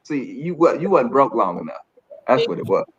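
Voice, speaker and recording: Teasing man with a lively voice. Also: mid-range voice, moderate pace, slight background noise. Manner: teasing, jokey banter. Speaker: podcast co-host. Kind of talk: casual chat. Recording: muffled, slightly dull sound.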